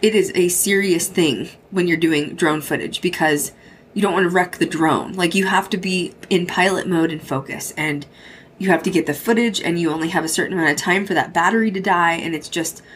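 A woman's voice: fairly low pitch, brisk, a little hiss or hum. A young adult woman hosting a podcast, telling a spooky road-trip story in a casual way, cursing freely and acting out what others said. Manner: swears freely, quotes others in dialogue. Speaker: podcast host.

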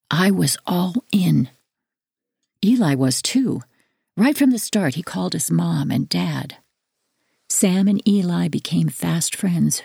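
Low, gravelly woman narrating a memoir. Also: darkish tone, dry recording, studio quality. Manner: measured, earnest reading. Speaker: audiobook narrator. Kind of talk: first-person memoir narration.

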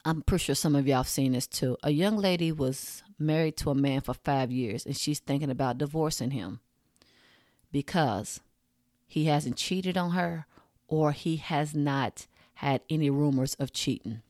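A woman's voice: deep voice, moderate pace, darkish tone, no room sound. A woman podcast host, ranting frankly and profanely in a casual monologue into a close mic. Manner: frank, profane, rants with punchy asides.

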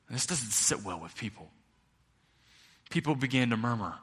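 A middle-aged male pastor preaching a sermon, building to loud peaks and then dropping quiet. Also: mid-range voice, lively intonation, normal speed, husky. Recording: long reverb of a large hall.

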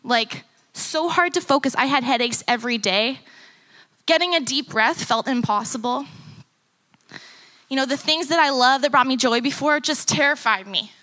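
Bright-voiced young woman sharing a testimony. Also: high voice, normal speed. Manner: conversational, acts out remembered dialogue. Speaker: conference speaker and musician. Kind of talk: personal testimony talk. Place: conference stage before teens.

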